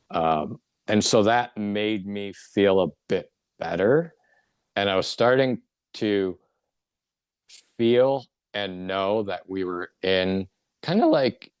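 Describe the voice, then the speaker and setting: A man's voice: sits low, clear, resonant tone, no echo. A middle-aged man earnestly recounting a personal spiritual experience as an interview guest. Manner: earnest, emotional storytelling. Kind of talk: personal testimony.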